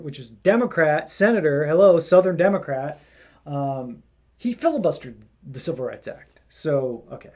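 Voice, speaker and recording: A man hosting a casual political commentary. His voice is fairly high, and he rambles along with plenty of fillers and restarts. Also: a little mellow. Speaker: commentary host.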